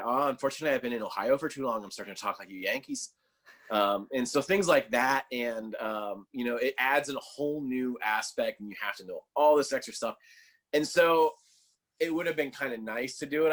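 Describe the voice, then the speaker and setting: A man's voice: mid-range voice, a bit bright. A man talking as a guest on a casual podcast, telling stories loosely with lots of fillers and a sarcastic sense of humor. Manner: loose storytelling full of fillers.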